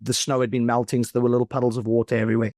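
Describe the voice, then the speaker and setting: A man from South Africa, a philosophical coach, talking as a podcast guest in a thoughtful, reflective way that often slows down and stretches words. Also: mid-range voice, level tone, darkish tone, dry recording, clean studio sound. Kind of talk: reflective conversational talk.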